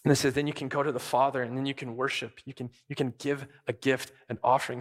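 Man preaching an animated sermon. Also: quick pace, hardly any pauses. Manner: animated, acts out quoted voices in higher pitch. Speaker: pastor.

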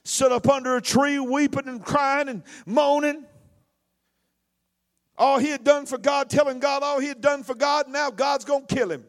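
A preacher delivers his sermon in a strikingly high man's voice. He rises into shouted, almost sung phrases and then slips into fast, conversational asides. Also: steady tone. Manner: preaching with shouted, sing-song swells and quick asides.

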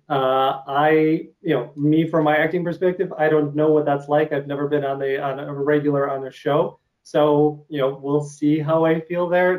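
Ukrainian-accented man, slightly high voice. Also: phone-quality sound. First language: Russian. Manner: hesitant, many filler sounds and restarts. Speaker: interviewer and actor. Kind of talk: casual interview chat.

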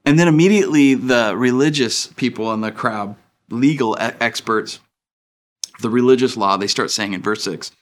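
A man's voice: medium pitch, normal speed. A man in his thirties preaching a sermon as pastor, in a casual, chatty way that acts out the people he quotes.

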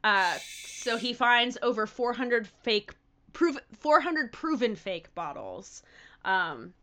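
Bright, animated woman telling a story. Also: fairly high pitch, slow. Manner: animated, profane, breaks into laughter. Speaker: podcast host. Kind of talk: casual storytelling chat.

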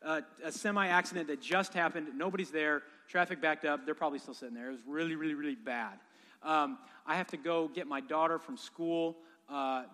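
A man's voice: fairly high pitch, bright, forceful tone. A man in his thirties preaching a sermon, telling stories with humor and animation. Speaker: pastor. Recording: long hall reverb.

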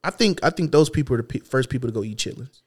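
A man co-hosting a podcast, chatting casually in loose slang, telling animated stories with acted-out quotes. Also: mid-range voice, rapid-fire. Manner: loose slangy speech with restarts. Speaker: podcast co-host. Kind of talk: casual chat.

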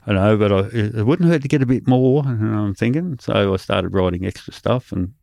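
Australian comedian guy yarning away, low gravelly voice, bounces into other people's voices, dry close sound. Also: a little fast, no echo. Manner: animated anecdotes, acting out others' lines. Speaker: comedian guest. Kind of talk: casual storytelling interview.

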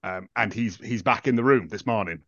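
A man's voice: lowish voice, brisk, no room sound, highs cut off. A man, a podcast host, retelling a film in a rambling, casual way and laughing as he goes. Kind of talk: casual film recap chat.

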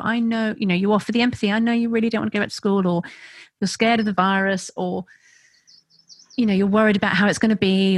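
A woman's voice: medium pitch, dry recording. A woman co-hosting a casual parenting podcast, talking freely and laughing, now and then acting out what children and parents say. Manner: warm, laughing, acts out children's and parents' voices. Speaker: podcast co-host.

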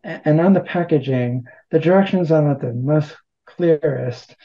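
A man's voice: fairly high pitch, moderate pace, dull audio. A man talking casually as an interview guest, rambling and poking fun at himself. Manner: rambling, self-deprecating humor. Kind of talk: casual conversation.

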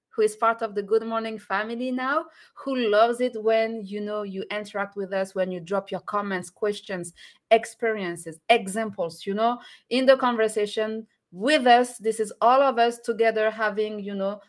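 A woman co-hosting a casual live-stream morning chat, animated, laughing often and speaking straight to viewers. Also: mid-range voice. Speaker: co-host.

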